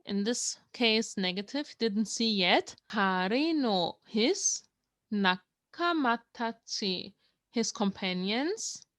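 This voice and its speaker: Slow-spoken woman. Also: fairly high pitch, lively intonation, a bit bright, dry recording. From Germany. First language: German. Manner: patient, explains words one by one, reads lines aloud. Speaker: language learner teaching viewers. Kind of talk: explanatory language lesson.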